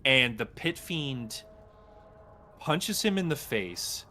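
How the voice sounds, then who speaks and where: Bright-voiced man running a tabletop game. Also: mid-range voice, lively intonation, slight background noise. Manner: casual, halting narration with many fillers. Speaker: dungeon master.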